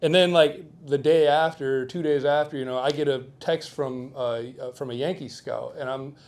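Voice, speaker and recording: A man's voice: medium pitch, fairly even intonation, moderate pace, darkish tone. A young man from Michigan's Upper Peninsula, a guest telling a story in a casual podcast interview. He talks animatedly, peppers his talk with "like," and acts out the people he quotes. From Upper Peninsula of Michigan, USA. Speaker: guest, baseball pitching prospect.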